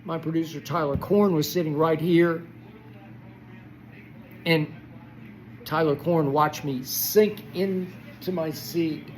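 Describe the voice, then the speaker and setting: An older man hosting a solo sports commentary, ranting with passion and swinging from loud outbursts to soft muttering. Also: fairly high pitch, fairly even intonation, takes it slowly, pauses often, background noise. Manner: impassioned, swings between shouting and soft muttering. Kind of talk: solo sports rant to camera.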